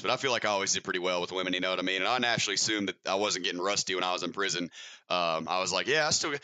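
A young man from Mississippi with a Southern accent and a deep voice, telling a rambling, self-mocking story as a podcast guest. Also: sharp tone, smooth. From Mississippi, USA. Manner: rambling, self-mocking, laughs through stories. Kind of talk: casual storytelling.

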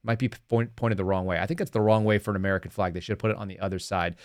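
A man's voice: fairly low pitch, fairly even intonation, racing, dry recording, clean studio sound. Sarcastic man hosting a podcast. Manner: sarcastic, mocking asides. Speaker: podcast host. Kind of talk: casual political commentary. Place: home studio.

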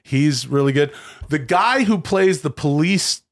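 A man's voice: on the high side, expressive, unhurried. A man co-hosting a podcast in casual chat, rambling and acting out movie lines with big jumps in his voice. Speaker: podcast co-host.

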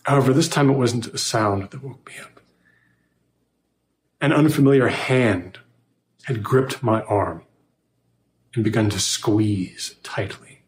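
A man narrating a first-person horror story in a measured, scripted way, recorded with a roomy echo. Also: mid-range voice.

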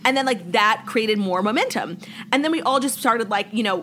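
A woman's voice: on the high side, moderate pace, a little hiss or hum. Chatty young woman retelling a story. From New York. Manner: chatty, heavy "like" filler, animated retelling. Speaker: podcast co-host. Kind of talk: casual chat, storytelling.

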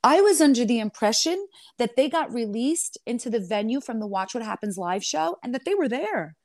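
A woman in her forties, a reality TV guest telling her side in an animated interview, emphatic and indignant with quick retorts. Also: a little high, no room sound, studio quality.

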